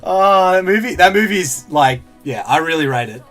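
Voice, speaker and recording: Man, high voice, casual live-stream chat, reads viewer comments, laughs often, faint background music. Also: lively intonation, normal speed, a bit bright. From Australia. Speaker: streamer opening card packs.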